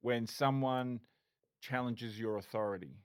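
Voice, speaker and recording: A man's voice: mid-range voice, measured pace, clean tone. A middle-aged man, a former police officer, telling his story candidly as a podcast guest, swearing and restarting often.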